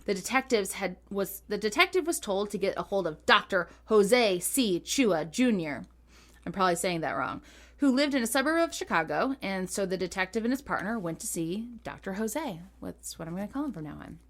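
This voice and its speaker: A woman co-hosting a podcast, telling a true-crime ghost story in a giggly, animated, chatty way. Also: medium pitch, a little fast. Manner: giggly, animated, lots of laughter. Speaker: podcast co-host. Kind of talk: casual chat, storytelling.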